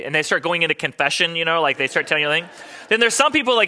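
Fast, bright-voiced male pastor. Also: fairly high pitch, animated. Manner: chatty, storytelling, quotes people in voices. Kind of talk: sermon with personal stories.

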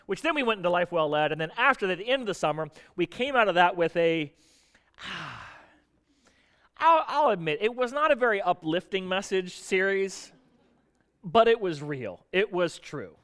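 A male pastor delivers a sermon in a loose, conversational way, joking with his listeners and restarting his sentences. His voice sits high and sounds bright. The sound carries a long church-hall reverb. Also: lively intonation, a little fast, clean tone.

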